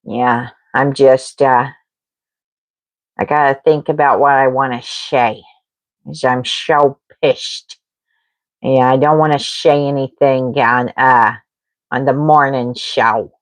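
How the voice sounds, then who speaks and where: A woman doing a mocking impression of a drowsy, grumpy woman streamer, mumbling low and halting. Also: steady tone, no room sound, rough recording. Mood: sleepy grumbling. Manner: sleepy, halting.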